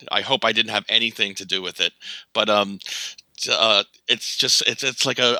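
A man as a podcast guest, talking in a rapid, excited, rambling way. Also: mid-range voice, no echo, rough recording. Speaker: podcast guest, horror film author. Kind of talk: casual podcast chat.

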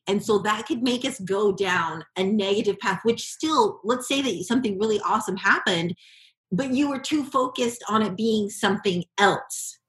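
A woman hosts an interview with eager enthusiasm, her voice pitched in the middle range. She asks leading questions that invite agreement. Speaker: host. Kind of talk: interview conversation.

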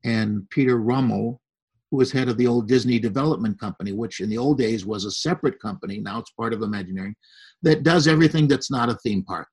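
A man's voice: mid-range voice, fast, a little mellow, slightly rough, low-quality recording. An older man, a podcast guest, telling a long story in easy conversation and acting out the people he quotes.

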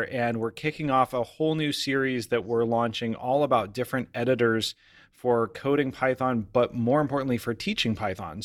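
A man's voice: medium pitch, no room sound, studio quality. A man co-hosting a coding-education podcast, welcoming listeners and guests in an upbeat, casual way. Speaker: podcast co-host; coder who teaches.

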